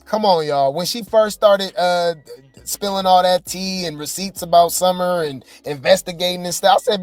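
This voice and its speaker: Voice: medium pitch, normal speed, no echo, soft background music. A gossip channel host giving casual, exclaiming reaction commentary.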